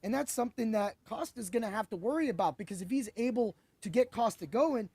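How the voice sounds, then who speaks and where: A man hosting a podcast, talking excitably about fights in a rambling way that keeps correcting itself. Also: high voice, fast, slightly rough, no echo. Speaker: podcast host. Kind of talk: animated sports betting chat.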